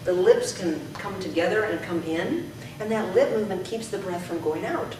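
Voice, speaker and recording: Woman, speaking coach, energetic, emphatic, projecting, distant mic, very echoey room. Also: fairly low pitch, moderate pace, noisy background. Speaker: speaking coach presenting to a club. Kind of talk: presentation with call-and-repeat drills. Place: meeting room.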